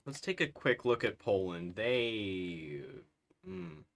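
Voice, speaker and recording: Male streamer, low voice, unhurried bemused play-by-play. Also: big pitch swings, creaky. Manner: bemused, laughs often. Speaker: livestreamer playing a strategy game. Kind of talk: casual live commentary.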